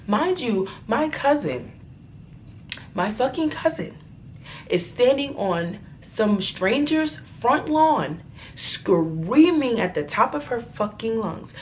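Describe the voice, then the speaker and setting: A young woman vlogger telling a storytime tale in a dramatic, profane, animated way. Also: on the high side, slow pace, a little hiss or hum. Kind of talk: storytime vlog.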